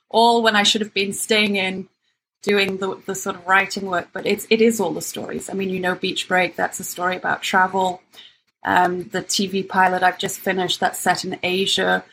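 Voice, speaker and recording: Woman guest, playwright type, a little gravelly, open and self-mocking, light hiss behind. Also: medium pitch, pushed and bright, rough recording. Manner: candid, self-deprecating, laughs easily. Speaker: writer and actor, guest. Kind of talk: conversational interview.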